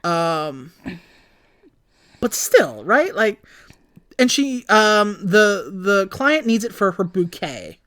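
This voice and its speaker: Animated young woman podcaster, very lively pitch. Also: takes it slowly, pauses often, dry recording. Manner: animated, swears freely, acts out quotes. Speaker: podcast co-host. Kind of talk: casual chat recapping a movie.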